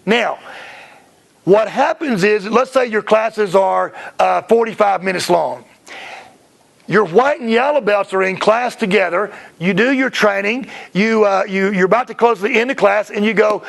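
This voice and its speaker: A man presenting at a seminar in a chatty way, often acting out short scenes. His voice sits high and has a gravelly edge to it. He talks loosely, with restarts and asides to the room. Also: animated. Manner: chatty, acts out kids and parents in quick bits. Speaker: martial arts school owner presenting. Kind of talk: seminar talk to school owners.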